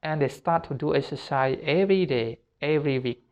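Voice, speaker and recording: A man's voice: a little high, brisk. A man giving a motivational self-help talk in earnest, repetitive, simple phrasing of a non-native speaker.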